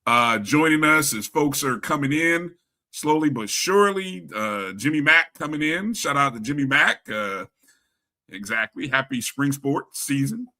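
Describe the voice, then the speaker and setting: Bright-voiced man greeting live chat. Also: fairly high pitch, lively intonation, measured pace. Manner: shouting out chat viewers by name, upbeat and chatty. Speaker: sports talk show co-host. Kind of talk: casual live-stream sports chat.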